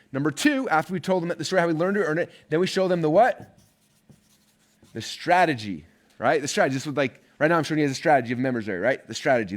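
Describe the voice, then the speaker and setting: A man coaching an online marketing course live, talking energetically and chattily and checking in with listeners with "right?" and "okay?". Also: fairly high pitch.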